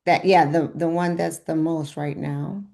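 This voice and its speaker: A woman's voice: sits low, steady tone, unhurried, vocal fry. Effusive woman coaching a group call. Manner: warm, effusive, repeats praise. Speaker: health coach leading a group session. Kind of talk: encouraging coaching on a video call.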